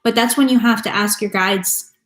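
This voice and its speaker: A woman's voice: mid-range voice, steady tone, moderate pace, fairly bright tone. A woman giving a casual tarot reading to her viewers, talking bluntly and with a lot of swearing. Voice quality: blunt and profane. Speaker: tarot reader. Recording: echoey room with faint music.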